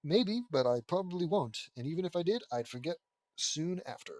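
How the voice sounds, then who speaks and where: A man's voice: fairly high pitch, expressive, fairly quick, a little mellow, no room sound. A man reading a fan fiction story aloud, breaking off into sarcastic, swearing asides. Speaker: audiobook reader.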